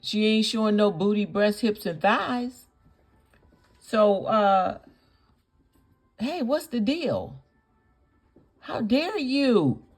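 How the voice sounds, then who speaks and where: A woman's voice: medium pitch, expressive, drawn-out words, pauses often, faint music behind. A woman hosting a reaction video, scolding indignantly, piling up rhetorical questions and repeating her points for emphasis. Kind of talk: reaction commentary.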